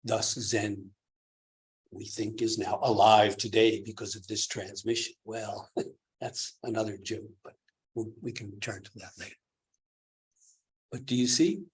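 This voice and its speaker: A man's voice: on the low side, fairly even intonation, unhurried, pauses often. Chuckling man giving a dharma talk. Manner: chuckling, keeps asking the listeners "do you see?". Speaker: meditation retreat teacher.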